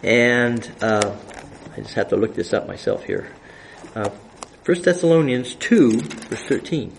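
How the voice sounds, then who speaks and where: A man teaching a Bible study, speaking haltingly with fillers and reading scripture aloud with emphasis. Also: mid-range voice, animated, creaky, slight background noise, poor audio. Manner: halting, with frequent fillers and restarts.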